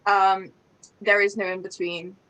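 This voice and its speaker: An English woman speaks in a received pronunciation accent, relaxed and matter-of-fact in casual chat. Her pitch sits in the middle range. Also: normal speed, rough recording. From England.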